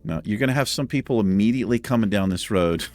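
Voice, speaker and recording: A man's voice: on the low side, fast, darkish tone, faint music behind. A man hosting a let's play, talking through his building with joking, self-deprecating asides and frequent chuckles. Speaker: gaming channel host.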